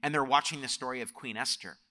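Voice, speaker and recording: A man's voice: medium pitch, fast, bright, forceful tone. A male pastor telling family stories in a sermon and building into emphatic preaching. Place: church sanctuary. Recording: long church hall reverb.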